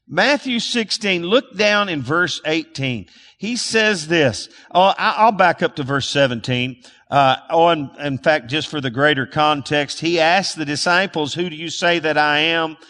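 A man's voice: on the high side, moderate pace, sharp tone. A man preaching a sermon as a pastor, calling on the congregation to repeat words back, with frequent restarts and fillers. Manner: calls for audience responses, restarts and fillers. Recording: long hall reverb.

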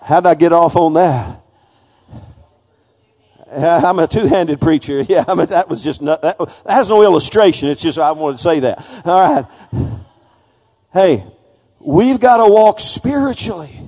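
A male preacher giving a folksy sermon that builds to fervent, shouted praise. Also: a little high, lively intonation, a little slow, pauses often, in a large hall.

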